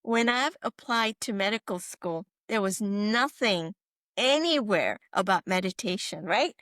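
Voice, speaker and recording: A middle-aged woman physician telling stories in a podcast interview, animated and emphatic, often checking in with her listener. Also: medium pitch, measured pace, no echo, clean studio sound. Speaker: physician guest.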